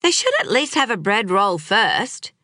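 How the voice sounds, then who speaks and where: An exasperated young mother with a sharp tongue, read by a woman. Her words come out clipped and fed up, in a bright, close, dry voice. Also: medium pitch, very animated, unhurried, no room sound, pitched above the performer's own voice.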